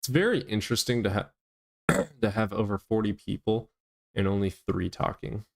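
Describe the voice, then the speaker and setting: A man's voice: lowish voice, moderate pace, vocal fry. A man hosting a livestream in a casual, provocative, crude way. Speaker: livestream host.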